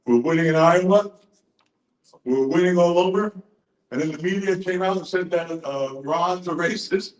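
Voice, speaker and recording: A man's voice: sits high, normal speed, roomy sound, low-quality recording. Tipsy, swearing man in his sixties. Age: 60s. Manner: profane, excitable storyteller. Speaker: conference speaker. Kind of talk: rambling speech to a crowd.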